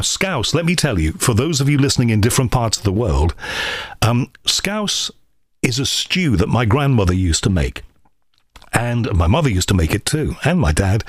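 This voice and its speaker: A man's voice: mid-range voice, dry recording. Male podcast host from Liverpool, light Liverpool accent; easygoing, self-mocking delivery, dead-dry close mic. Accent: faded Liverpool. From Liverpool, England. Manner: rambling, reflective, self-deprecating. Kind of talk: casual monologue and interview.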